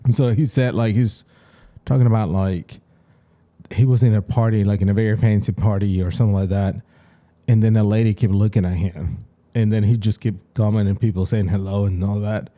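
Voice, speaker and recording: Mellow-voiced man telling stories with laughs. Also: fairly low pitch, fairly quick, muffled recording. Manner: animated storyteller, laughs often, acts out quotes. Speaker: podcast co-host. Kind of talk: casual chat.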